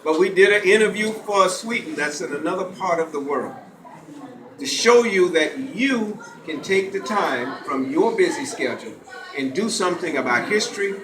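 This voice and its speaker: A man's voice: high voice, animated, moderate pace, background noise. A middle-aged man gives a lecture to a live audience and leads call-and-response. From Gullah Geechee coast of the US. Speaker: lecturer and author. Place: college hall, indoors. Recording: echoey hall with faint ambience.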